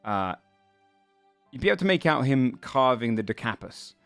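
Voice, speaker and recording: A man running a tabletop game as game master, describing the scene in halting, filler-laden narration. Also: mid-range voice, sing-song, vocal fry, no room sound, soft background music.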